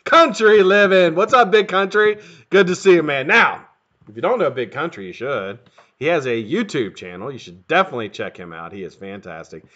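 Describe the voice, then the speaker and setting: Middle-aged male stream host, bright lively delivery, dull lo-fi audio. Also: on the high side, moderate pace. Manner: lively, profane, greets viewers one after another. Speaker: livestream host. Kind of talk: casual live-stream chat.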